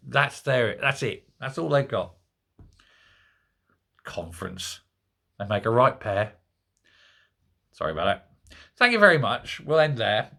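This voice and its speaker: Sarcastic, bright-voiced male ranter. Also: medium pitch, big pitch swings, measured pace, gravelly, pauses often. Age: middle-aged. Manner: sarcastic, mocking, ranting. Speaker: political commentary host. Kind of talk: solo political rant to camera.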